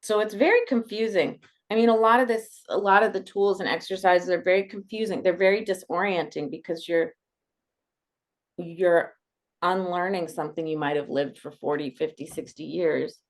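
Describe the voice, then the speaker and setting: A woman with a slightly low voice, speaking as a coaching guest on a podcast. Her talk is casual and animated. She often slips into acting out the voices of others. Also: normal speed. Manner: animated, acts out quoted voices.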